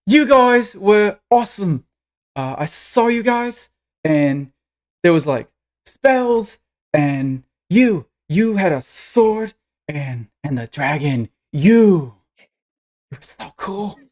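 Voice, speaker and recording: A man voicing an excitable eight-year-old girl who gushes over her heroes in a tabletop game. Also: a little high, extremely slow, heavily acted. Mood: gushing excited. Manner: bubbly, gushing, breathless chatter.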